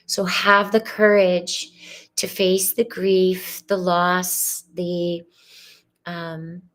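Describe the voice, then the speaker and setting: A woman with a soft, earnest manner, giving a live spiritual tarot reading. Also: fairly low pitch, little pitch movement, very slow. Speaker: tarot reader.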